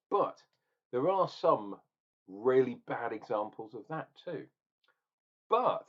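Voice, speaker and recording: A man's voice: medium pitch, highs cut off. A man ranting and tasting beer in a casual review vlog, opinionated and swearing now and then.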